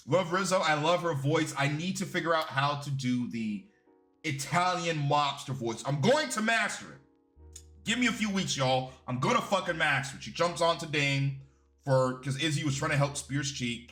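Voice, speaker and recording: A man reviews a wrestling show in a casual, animated way, full of swearing and strong opinions. His voice is bright and sits a little high, with faint music behind him.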